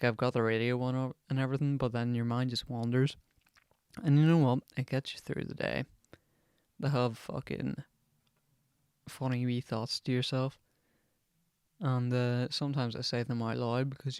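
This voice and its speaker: A man's voice: medium pitch, darkish tone, smooth, no room sound, studio quality. A young man hosting a podcast, rambling casually and swearing constantly as he chats. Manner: swears constantly, chatty and digressive. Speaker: podcast host.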